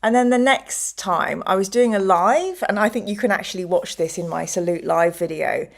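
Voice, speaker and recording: A woman's voice: medium pitch, normal speed, gravelly. A middle-aged woman hosts a show, chatting casually and telling stories in which she acts out other people's voices. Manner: chatty storyteller who acts out quoted voices. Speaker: host. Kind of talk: casual chat.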